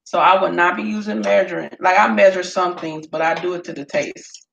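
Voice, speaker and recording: A woman, chatting in a casual cooking vlog and telling lively stories while she cooks in her home kitchen. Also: on the low side, brisk, vocal fry, dull audio. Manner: storytelling, animated, laughs often. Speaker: home cook vlogger. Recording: echoey room with faint noise.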